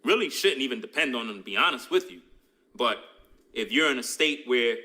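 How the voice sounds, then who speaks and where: A man's voice: mid-range voice, lively intonation, brisk, sharp tone. A man in a clip being reacted to, giving blunt, frank opinions. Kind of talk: opinionated commentary.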